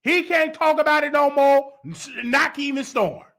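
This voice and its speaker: A man's voice: very high voice, steady tone, a little slow, fairly bright tone. A man hosting a gossip commentary show, talking in a mocking, heated and sarcastic way. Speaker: host.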